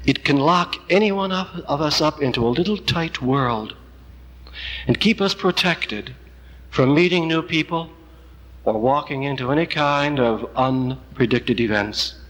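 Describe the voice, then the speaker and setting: Slow, husky-voiced man preaching a sermon. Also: on the high side, long reverb tail, low-quality recording. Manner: slow, gentle storytelling with long pauses. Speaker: priest.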